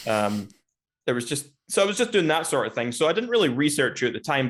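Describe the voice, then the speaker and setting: A man as a podcast guest on a video call, talking casually in a hesitant, rambling way with many restarts. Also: medium pitch. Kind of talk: casual conversation.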